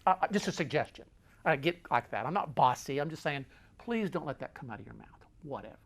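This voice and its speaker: A man's voice: on the high side, animated, a little fast. Emphatic middle-aged man giving a pep talk. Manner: emphatic, repeats key phrases, swings loud and quiet; folksy, talks with his hands. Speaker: host. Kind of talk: motivational talk.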